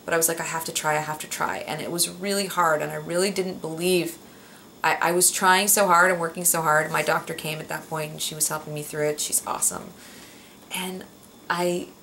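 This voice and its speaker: A young woman recounts her birth story, rambling through fillers and restarts. Her voice sits a little low and has a gravelly fry. She sounds tired, close to tears, and faint ambient noise hums behind her. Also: fairly bright tone. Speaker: new mother telling her birth story. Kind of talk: casual personal storytelling.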